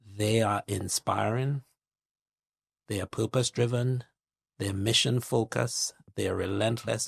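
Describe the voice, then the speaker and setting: A middle-aged man from Trinidad, a guest investor speaking in a measured, reflective interview manner, building his points with analogies and lists. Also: on the low side, vocal fry, dry recording, clean studio sound.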